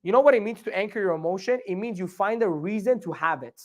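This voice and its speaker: Animated male motivational speaker. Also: high voice, quick pace. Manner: animated, asks the audience questions, acts out his inner dialogue. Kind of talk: live training talk to an audience.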